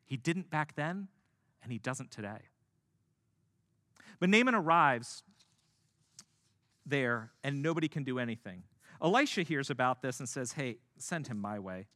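A male preacher giving a sermon, telling the story with lively swings in pitch and casual asides. His voice is bright and forward. The recording is dry and close. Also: a little slow, long pauses, dry recording. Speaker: pastor.

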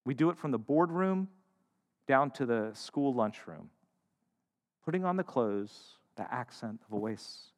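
A man preaching a sermon, shifting between loud emphatic lines and hushed, quiet ones. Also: mid-range voice, very animated, unhurried. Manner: dynamic, swings from loud to hushed. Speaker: pastor. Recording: long hall reverb.

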